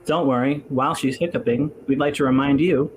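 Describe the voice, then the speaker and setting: A man's voice: mid-range voice, steady tone, brisk, noisy background. A man co-hosting a podcast, dropping dry jokey asides in casual chat. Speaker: podcast co-host.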